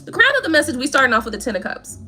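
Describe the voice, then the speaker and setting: A bright, high-voiced woman reads tarot cards in a loose, chatty way. Her pitch swings up and down as she teases and jokes in slang. Faint music plays behind her. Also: very animated, rapid-fire. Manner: sassy, playful, full of slang. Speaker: tarot reader. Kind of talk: casual tarot reading.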